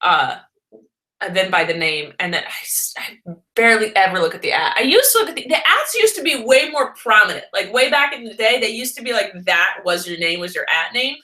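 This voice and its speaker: On a livestream, a vlogger rambles casually and laughs a lot while answering comments. Her mid-range voice is expressive and sharp, her pace brisk, and the room has a noticeable echo.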